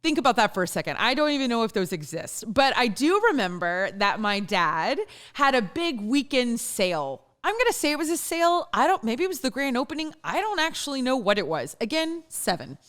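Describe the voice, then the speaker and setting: Louisiana lady hosting her podcast, chatty, pokes fun at herself, laughs a lot, clean smooth voice. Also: fairly high pitch, very animated, brisk, few pauses, a bit bright. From northern Louisiana. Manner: chatty and self-deprecating, laughs often. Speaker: podcast host. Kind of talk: casual monologue. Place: studio.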